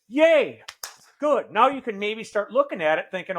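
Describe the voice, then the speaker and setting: A middle-aged man speaking in a fairly high register, swearing freely as he lectures with tough-love bluntness. His delivery is emphatic and preachy, like a recovering addict who has earned the right to call people out. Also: expressive, moderate pace, a bit bright. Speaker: podcast guest, author in recovery. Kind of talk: blunt conversational storytelling.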